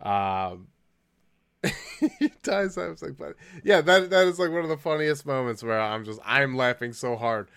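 A man's voice: mid-range voice, big pitch swings, a little slow, vocal fry, fairly bright tone, no room sound, studio quality. A man co-hosting a podcast in casual chat, rambling and laughing at his own stories. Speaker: podcast co-host.

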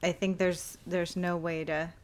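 Low-voiced woman chatting reflectively. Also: flat delivery, unhurried. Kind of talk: casual chat.

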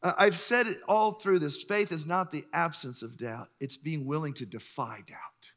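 A middle-aged man preaching a sermon, telling stories with lively acted-out voices and frequent chuckles. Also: on the high side, normal speed. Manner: animated storyteller, acts out voices, chuckles often. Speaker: pastor.

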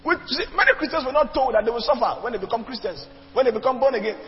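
A man's voice: very high voice, expressive, very fast, a little hiss or hum. A man preaching a sermon, emphatic and repetitive, calling on the congregation to respond. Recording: dull lo-fi recording with long reverb.

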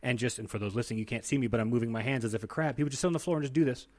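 Brief: young adult male, rapid animated storyteller, goes quiet and low for the heavy parts, casual podcast chat. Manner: animated storyteller, drops low and hushed at intense moments.

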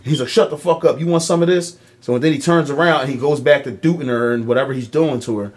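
A young man with a medium-pitched voice talks quickly as a casual podcast co-host. He tells a long story full of ums, doing voices for the people in it.

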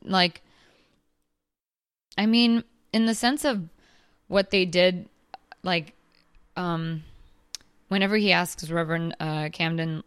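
A woman's voice: lowish voice, steady tone, takes it slowly, pauses often, clean tone. A woman co-hosting a podcast in casual chat, rambling with many restarts and fillers. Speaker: podcast co-host.

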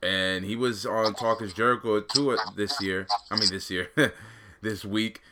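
A man's voice: fairly low pitch, unhurried, background noise. A man in casual chat as a co-host, talking loosely and slangily, rambling with lots of fillers.

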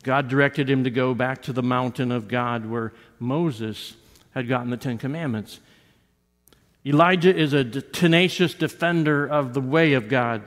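Pastor preaching in a reverberant church. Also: male voice, mid-range voice, normal speed. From United States. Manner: conversational, with frequent restarts and repeated words; acts out quoted lines with rises and drops in voice. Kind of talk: sermon. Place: church sanctuary. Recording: long reverb of a church sanctuary.

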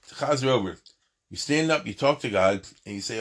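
A man's voice: mid-range voice, animated, fairly quick, fairly bright tone. A man teaching an informal lecture on prayer, talking in an emphatic, digressive way with many asides and restarts. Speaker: Torah teacher.

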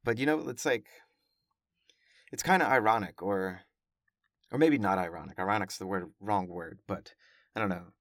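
A professor and podcaster speaks in a relaxed monologue with a somewhat low voice. He over-enunciates his words deliberately and often stops to correct himself. The sound is dry, with no room around it. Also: no room sound. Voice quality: carefully over-enunciated speech. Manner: chatty, self-correcting, with frequent fillers. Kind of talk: casual monologue.

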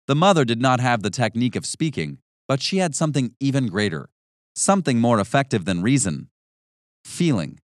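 Male narrator, instructive audiobook read, lively pitch, dry close recording. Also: no echo. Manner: measured, instructive, varied emphasis.

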